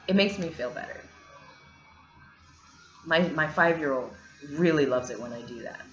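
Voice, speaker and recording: A woman's voice: low voice, a bit bright. A woman vlogging candidly about single parenthood, blunt, swearing freely and speaking with emphasis. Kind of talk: candid casual monologue. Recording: echoey room, dull lo-fi sound, faint music.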